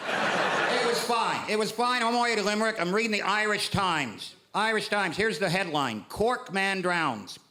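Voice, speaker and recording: A middle-aged American man doing stand-up comedy with sardonic, deadpan put-downs and sudden shouted bursts. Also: high voice, normal speed. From United States. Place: theatre stage before a laughing audience. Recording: echoey live venue, loud audience noise.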